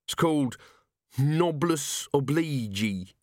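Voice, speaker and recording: A scruffy corporal moaning about everything, as a man reads him, voice pushed up high and swooping around, in a dry, close audiobook recording. he sounds low and put upon. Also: big pitch swings, unhurried, fairly bright tone, no echo, heavily acted. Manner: moaning, despondent. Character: male corporal, scruffy, gloomy, new peer. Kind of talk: audiobook character voice.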